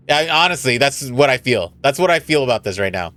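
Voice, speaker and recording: A man live-streaming a story game, swearing loudly, laughing and reading the characters' lines aloud. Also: medium pitch, expressive, brisk.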